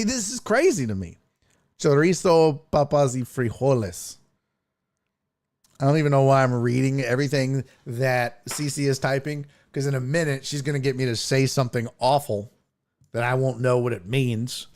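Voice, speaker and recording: A man's voice: mid-range voice, normal speed, a little mellow. A man hosting a casual livestream, reading viewer comments in a loose, profane way and laughing often. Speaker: sports talk show host.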